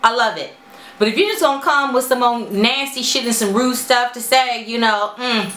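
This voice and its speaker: A woman chatting straight to her viewers in a natural hair vlog, animated and outspoken. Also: moderate pace, echoey room, rough recording. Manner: animated, talks straight to viewers with lively pitch jumps. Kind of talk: casual chat to camera.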